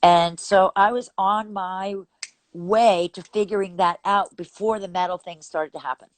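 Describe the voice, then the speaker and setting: A woman's voice: mid-range voice, fairly even intonation, unhurried, no echo. An older woman from Texas, a vocal coach, chatting animatedly in an interview and laughing often as she explains technique. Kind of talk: casual interview chat.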